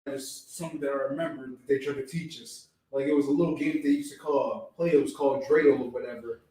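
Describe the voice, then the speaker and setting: A man in a class, reading scripture slowly, then recalling things in a rambling way. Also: medium pitch, steady tone, warm tone. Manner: slow deliberate reading, rambling recollection. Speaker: class member. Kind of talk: reading scripture and casual chat. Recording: echoey room from a distance.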